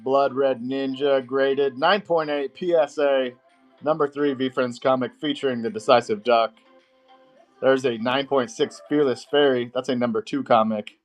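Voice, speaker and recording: A man's voice: medium pitch, steady tone, moderate pace, soft background music. A man hosting a live-stream auction, greeting viewers by name and rattling off card names.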